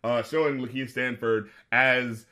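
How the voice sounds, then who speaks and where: A man in casual film-talk chat, animated and laughing often, acting out lines from scenes. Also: medium pitch, unhurried.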